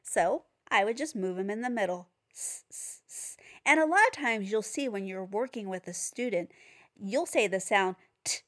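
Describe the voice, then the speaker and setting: A woman's voice: medium pitch, expressive, moderate pace, fairly bright tone. A woman giving a phonics lesson for teachers and parents, patiently sounding out each letter. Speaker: reading teacher.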